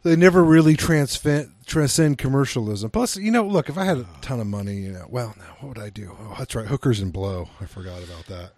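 A man's voice: mid-range voice, expressive, brisk, few pauses, darkish tone, no echo. A man co-hosting a podcast, enthusiastically chatting and joking about a favorite movie. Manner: enthusiastic, joking, plays clips. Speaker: podcast co-host. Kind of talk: casual movie chat.

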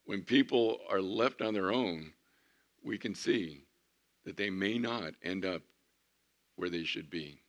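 A pastor delivering a sermon in a lowish male voice. He preaches with animation, rising to loud emphatic lines and dropping to near hushed asides. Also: takes it slowly, pauses often.

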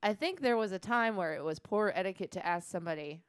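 A woman's voice: medium pitch, lively intonation, fast, clear, resonant tone. A woman co-hosting a casual podcast, teasing and wry. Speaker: podcast co-host. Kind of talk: casual banter.

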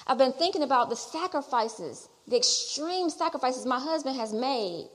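A middle-aged woman preaching a sermon and telling her own testimony. She repeats phrases as she builds toward loud exhortation. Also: sits high, animated, normal speed. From Detroit area. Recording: long hall reverb.

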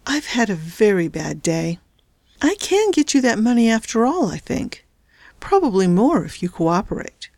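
A woman voicing a calm, cunning woman who speaks slowly and sounds amused. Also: on the high side, vocal fry, no room sound, voice pushed up, heavily acted.

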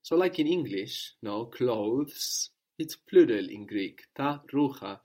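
A man's voice: medium pitch, animated, slow pace, dark tone. A man teaching a language lesson, patiently prompting with questions and repeating each answer.

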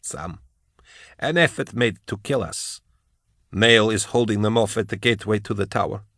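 A man voicing a possessing male mentor in an audiobook, soft and questioning. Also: fairly low pitch, normal speed, no room sound, studio quality. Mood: wry. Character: male mentor's voice speaking through a woman.

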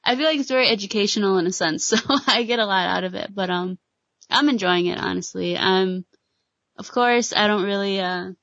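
A woman's voice: medium pitch, brisk, gravelly, fairly bright tone, dry recording. A woman chatting casually about a TV show, with many fillers and hedges. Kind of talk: casual chat. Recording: dull lo-fi sound.

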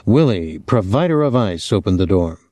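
A man narrating a novel as an audiobook in a measured, expressive storytelling voice, on a close microphone. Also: on the low side, no room sound. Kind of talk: scripted narration.

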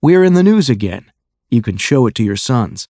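Man reading Carl, a courteous gray-haired gentleman. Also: medium pitch, very animated, moderate pace, no echo, natural voice. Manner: courteous, friendly.

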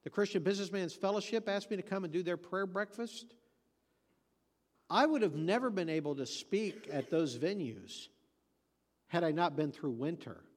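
This preacher's voice is high-pitched and animated, moving at a moderate pace with the sound of a large room around it. Mixing folksy anecdotes and humor, he then presses his message with forceful repetition.

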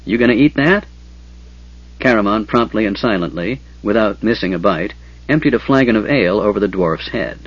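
A man reading a fantasy novel aloud in a steady, measured storytelling voice. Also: fairly low pitch, slightly rough, no echo. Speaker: audiobook narrator. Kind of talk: scripted fantasy narration. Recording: dull lo-fi audiobook recording.

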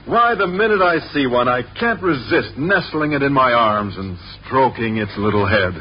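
A man's voice: mid-range voice, animated, moderate pace, lightly acted. An actor playing a mild-mannered, bashful male science teacher in a 1950s radio sitcom, heard in a dull old radio broadcast with faint hiss. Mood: earnest. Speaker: biology teacher.

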